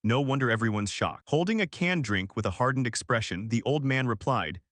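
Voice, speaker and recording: A man's voice: mid-range voice, expressive, brisk, fairly bright tone, no room sound. A man narrating a comic story recap in a scripted read, voicing every character's lines himself.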